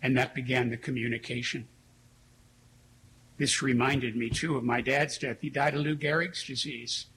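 A man preaching a sermon as a priest, telling stories in an earnest, reflective way with slow pauses. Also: mid-range voice, steady tone, fairly bright tone, slight background noise, low-quality recording.

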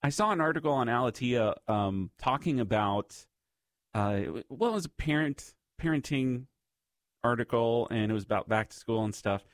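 A man's voice: mid-range voice, animated, moderate pace, no room sound. A man hosting a faith-based radio talk segment, speaking to listeners in a conversational, reflective way. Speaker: radio host.

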